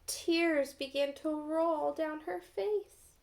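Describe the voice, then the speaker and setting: A woman reading a storybook aloud to children as a teacher, gently pausing to ask them questions. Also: high-pitched, gravelly.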